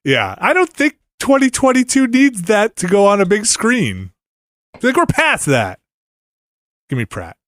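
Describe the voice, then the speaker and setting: A man co-hosting a podcast, chatting casually with a lively voice that rises and falls a lot. He rambles in animated bursts and laughs often. The sound is dry and close. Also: high voice, measured pace, no room sound. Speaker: podcast co-host. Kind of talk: casual chat.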